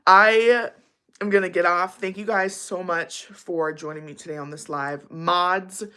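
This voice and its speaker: A woman's voice: lowish voice, steady tone, unhurried, sharp tone, clear, resonant tone. A young woman casually chatting with viewers on her livestream, bubbly and giggly, with lots of likes and ums. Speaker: livestream host.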